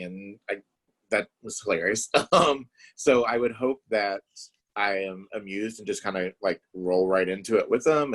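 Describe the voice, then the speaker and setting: A man's voice: fairly low pitch, a bit bright. A man as a guest in a casual chat, talking hesitantly with many "um"s and easy laughter over a video call.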